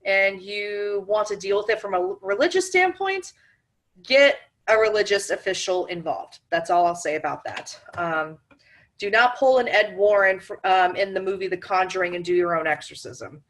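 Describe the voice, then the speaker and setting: A woman's voice: medium pitch, lively intonation, normal speed, a bit bright. A woman teaching an online webinar class in a chatty, informal way, with frequent laughs and fillers. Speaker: paranormal class instructor. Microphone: computer mic on a webinar call.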